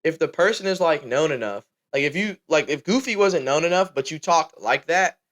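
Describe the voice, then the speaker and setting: A young man in his late teens hosting a podcast in relaxed, casual chat. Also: on the high side, fairly quick. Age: young adult. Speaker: podcast host.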